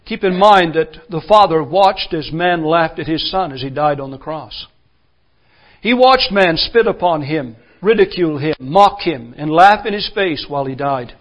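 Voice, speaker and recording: A man preaching a sermon, building to forceful, emphatic declarations. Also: a little high, expressive, normal speed, muffled recording.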